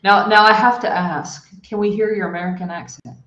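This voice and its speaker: A woman's voice: mid-range voice, fairly even intonation, a little fast, noisy background. A woman hosting an online interview, speaking upbeat and addressing viewers directly as she wraps up the show. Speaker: host. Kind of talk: live online interview wrap-up. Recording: roomy echo.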